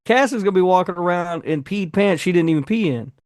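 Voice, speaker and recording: A male co-host with a fairly high voice who delivers jokes dry and deadpan. He keeps a casual, level tone, recorded close and dry. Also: fast talker, no echo. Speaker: podcast co-host. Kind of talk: casual podcast banter.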